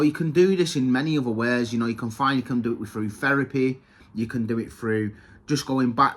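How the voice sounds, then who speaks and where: A man's voice: mid-range voice, fairly bright tone. Earnest man talking about recovery. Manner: earnest, confessional, often repeats words. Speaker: self-help video host. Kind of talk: reflective personal talk to camera.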